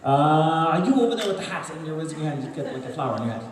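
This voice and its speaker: A man who voices cartoon roles, telling animated, laughing stories at a fan Q&A panel in a big hall. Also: a little high, rapid-fire, a crowd in the background. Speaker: voice actor panel guest. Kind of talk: storytelling Q&A panel. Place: large convention panel hall. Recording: echoey hall, distant mic, heavy noise.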